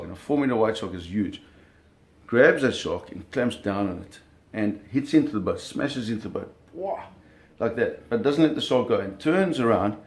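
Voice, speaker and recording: Lower-voiced man telling a vivid anecdote. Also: vocal fry. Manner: vivid storytelling with gestures and sound effects; frequent self-corrections and repeated words. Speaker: storyteller recalling shark hunting. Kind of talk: casual spoken anecdote.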